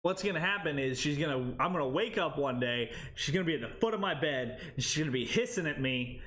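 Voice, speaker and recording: A man streaming live from his home kitchen, talking casually with his chat in a playful way. His pitch swings widely and sits fairly high, and he breaks into laughter often. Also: animated, fast talker, fairly bright tone.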